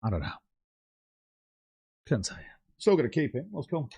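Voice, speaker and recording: A man's voice: medium pitch, very animated, normal speed, creaky, mellow, slightly rough, no echo. Guy streaming, swearing a lot, blunt angry rant, dry close sound. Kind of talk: livestream rant, reading chat.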